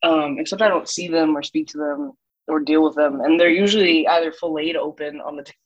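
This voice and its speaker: A woman's voice: low voice, brisk. Wry woman, dull lo-fi sound. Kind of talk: casual chat. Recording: dull lo-fi recording.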